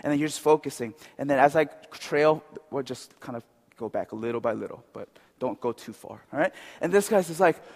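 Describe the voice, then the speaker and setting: A man's voice: mid-range voice, fairly quick, darkish tone, long reverb tail. A man preaching a sermon in a conversational way, often checking with the crowd. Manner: conversational, asks the crowd "right?".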